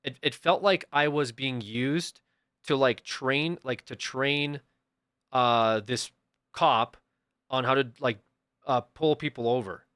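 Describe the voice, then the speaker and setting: A young man, a livestreamer, casually telling a story to his chat and acting out the people in it with sudden loud bursts. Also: medium pitch, slow pace, clear, resonant tone, no echo, clean studio sound.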